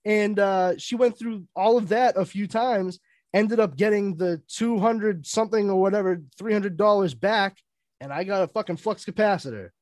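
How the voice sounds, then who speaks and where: A man on a podcast telling a story in a casual, animated way, swearing freely as he goes. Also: high-pitched, moderate pace, dry recording, studio quality. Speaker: podcast panelist.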